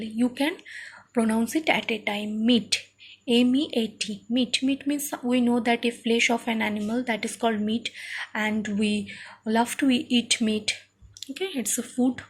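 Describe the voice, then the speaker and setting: Female teacher, slightly high and husky, unhurried phonics lesson. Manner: slow, spells words letter by letter, frequent "okay?".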